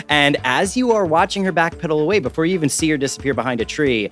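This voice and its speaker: A man narrating as game master in a lively, casual storytelling voice, pitched a bit high. Soft music plays under him. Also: fast, hardly any pauses.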